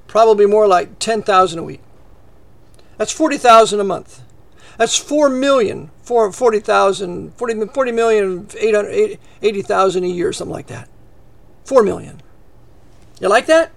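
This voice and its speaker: Guy preaching hot and sarcastic, really high voice, keeps restarting mid sentence. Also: creaky. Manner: heated, sarcastic, rambling with restarts. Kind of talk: fiery political sermon.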